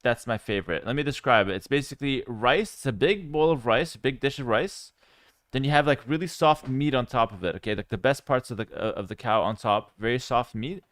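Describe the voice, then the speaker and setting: A man streaming live, chatting casually with viewers in a relaxed, rambling way, with fillers. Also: medium pitch, brisk, dry recording, clean studio sound. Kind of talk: casual livestream chat.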